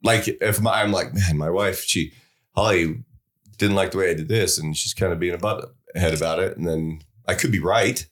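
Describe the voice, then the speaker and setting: A man in his forties with a very low voice talks casually with his wife on their podcast. He rambles, restarts his sentences and pokes fun at himself. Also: moderate pace, a bit bright. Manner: self-deprecating, rambling with frequent restarts. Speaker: podcast co-host.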